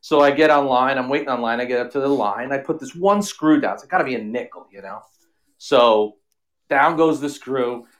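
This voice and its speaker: A man's voice: mid-range voice, normal speed. A man in his forties, a podcast guest, telling a profane story in casual chat and acting out the other people's voices. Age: 40s.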